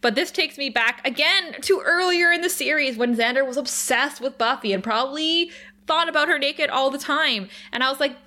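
A woman's voice: high-pitched, moderate pace, bright, forceful tone. A woman co-hosting a casual TV recap chat, giggly and enthusiastic, swearing casually. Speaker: podcast co-host.

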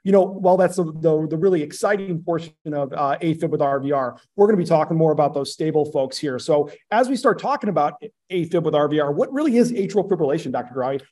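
An upbeat man with a somewhat higher voice hosts an educational podcast. He introduces guests warmly and moves the conversation along with questions. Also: animated, fast, hardly any pauses. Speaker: podcast host.

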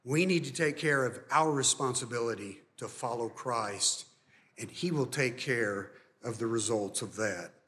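Male pastor, sermon delivery, unhurried and emphatic, echoing hall sound. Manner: emphatic preaching, rising high and loud on key points. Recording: long hall reverb.

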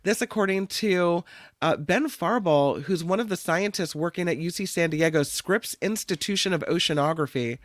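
A man's voice: high voice, normal speed, fairly bright tone, no echo. A man co-hosting a casual news show, reading stories aloud with playful asides. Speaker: co-host.

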